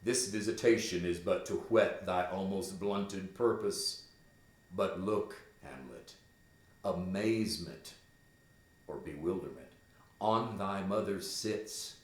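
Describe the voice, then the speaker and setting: A man's voice: deep voice, slow pace. A man reading a grave royal ghost. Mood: solemn. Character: solemn ghost of a murdered king. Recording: roomy echo.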